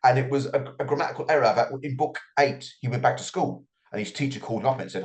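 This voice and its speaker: A man's voice: mid-range voice, quick pace, hardly any pauses. A middle-aged man answering as an author guest in an interview, reflective and often repeating his words as he starts a thought.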